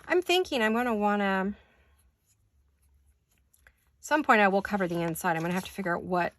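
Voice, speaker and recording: An older woman who is hoarse today, chatting casually while she crafts in her home studio and thinking aloud in wandering asides. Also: medium pitch, expressive, brisk, a bit bright. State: hoarse, deep voice. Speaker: craft vlogger.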